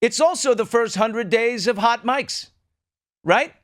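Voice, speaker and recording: A man with a high-pitched voice hosts a commentary show. He is sardonic and quick to mock the people he talks about. He keeps the chat loose and opinionated. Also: fairly bright tone. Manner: sardonic, mocking impressions of others. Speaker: podcast host.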